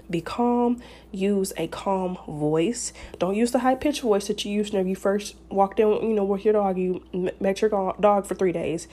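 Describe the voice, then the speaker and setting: Chatty woman with a mellow voice. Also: mid-range voice. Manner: chatty, rambling, many fillers and restarts. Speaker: podcast host. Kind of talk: casual advice talk.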